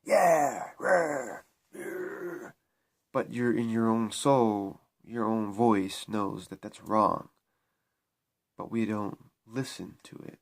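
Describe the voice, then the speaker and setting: A man's voice: lowish voice, steady tone, slow, vocal fry. A man talking to camera in a spiritual vlog, preaching in a repetitive, emphatic way with frequent restarts. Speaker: spiritual vlogger.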